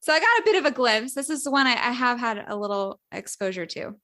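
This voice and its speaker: A woman's voice: fairly high pitch, expressive, quick pace, pushed and bright. A woman co-hosting a podcast in casual chat, light and giggly, a little tentative. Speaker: podcast co-host.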